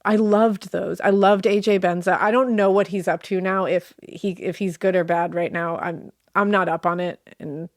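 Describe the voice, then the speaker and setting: A woman's voice: lowish voice, fairly even intonation, moderate pace, few pauses, no room sound, clean studio sound. A woman co-hosting a podcast in casual chat, bubbly and playful, often laughing. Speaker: podcast co-host.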